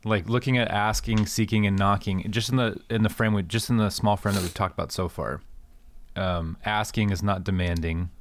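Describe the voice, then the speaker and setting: A man's voice: on the low side, fairly even intonation, normal speed, slight background noise. A man talking through scripture in casual conversation, thinking aloud and searching for words. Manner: thoughtful, searching, many fillers like "like". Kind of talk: conversational Bible discussion.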